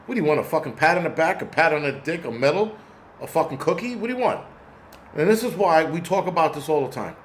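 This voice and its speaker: A man's voice: on the high side, animated, fast, a little hiss or hum. A man hosting a casual vlog who rants angrily and bluntly, with plenty of profanity. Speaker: host.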